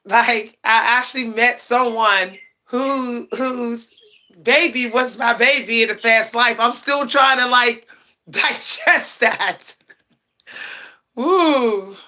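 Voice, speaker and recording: A woman's voice: a little high, slow pace, sharp tone. A young woman chatting casually on a livestream as a psychic, laughing often and repeating herself for emphasis.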